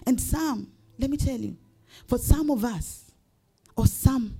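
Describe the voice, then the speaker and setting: A woman's voice: a little high, slow pace, vocal fry, mellow, slightly rough. A woman pastor preaching a sermon, building up to emphatic rising questions.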